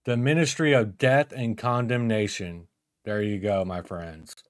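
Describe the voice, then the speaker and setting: A man's voice: fairly low pitch, steady tone, unhurried. A man hosting an online panel discussion, talking bluntly and rambling with many fillers. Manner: blunt, rambling, lots of "like" and "you know what I mean".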